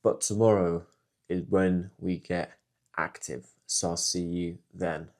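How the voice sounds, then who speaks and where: A man's voice: low-pitched, fairly even intonation, slow pace. A tired young British man of eighteen wrapping up a casual travel vlog in a laid-back way. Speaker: travel vlogger.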